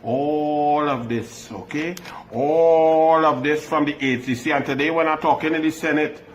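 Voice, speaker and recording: A Trinidadian man with a fairly high voice makes an earnest, direct political appeal. A faint noise sits under his speech. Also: fairly even intonation, a little slow. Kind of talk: political address.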